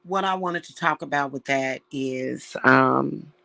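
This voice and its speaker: A woman's voice: a bass voice, gravelly, a bit bright. A woman who works as a witch and reader, talking casually and with feeling to her viewers, calling them y'all. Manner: slow, heartfelt, emotional, addresses viewers as y'all. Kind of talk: casual spiritual talk to viewers.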